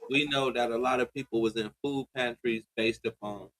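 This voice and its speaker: A man co-hosting a casual talk show, speaking in loose, slangy talk that gets animated when he makes a point. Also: medium pitch, moderate pace, rough recording. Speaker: co-host. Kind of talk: casual podcast discussion.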